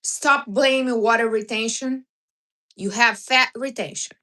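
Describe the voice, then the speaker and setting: A woman's voice: fairly high pitch, unhurried, sharp tone. Blunt, teasing woman hosting a livestream. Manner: blunt, teasing advice with non-native grammar. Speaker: livestream host. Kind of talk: casual livestream chat.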